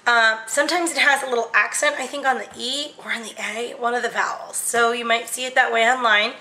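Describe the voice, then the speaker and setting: A woman's voice: a little high, steady tone, brisk, pushed and bright, slight background noise, low-quality recording. A woman chatting casually as she talks viewers through a demonstration, step by step. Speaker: vlogger.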